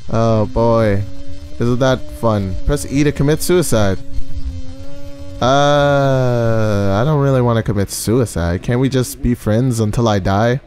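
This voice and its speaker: A man's voice: mid-range voice, slow, darkish tone, faint music behind. A man giving nervous horror game commentary, talking to the game's ghost as he plays. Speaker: gaming video creator.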